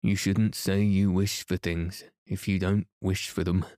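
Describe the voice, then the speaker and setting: A man's voice: sits low, level tone, a little slow, a little mellow, no room sound, studio quality. A man voicing a cross, ancient, small furry sand fairy in a bedtime storybook reading, with curt, grumpy lines.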